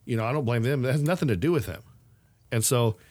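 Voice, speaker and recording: A fast-talking man with a medium-pitched voice co-hosts a podcast. He chats casually and tells stories with animation, laughing often.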